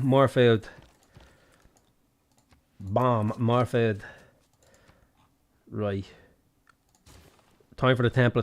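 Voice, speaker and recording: A man with a Dublin Irish accent streams a strategy game, talking through his moves. His banter is jokey and rambling, with swearing thrown in. His pitch sits in an ordinary middle range. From Ireland (Dublin). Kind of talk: casual gameplay livestream commentary.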